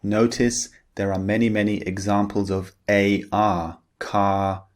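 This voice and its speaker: A man teaching English pronunciation, modeling each vowel slowly and carefully for learners to repeat. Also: fairly low pitch, little pitch movement. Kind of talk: slow, deliberate pronunciation lesson.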